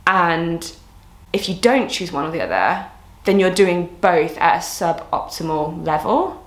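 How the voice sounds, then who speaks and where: A woman's voice: lowish voice, animated, measured pace, echoey room. A young woman, a fitness coach, talking candidly to her camera in an earnest, reflective, rambling way.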